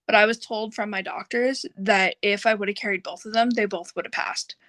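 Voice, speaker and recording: Bright-voiced candid young woman guest. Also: medium pitch, fairly even intonation, fairly quick, no room sound. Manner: candid, blunt, casual. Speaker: podcast guest. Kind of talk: casual chat.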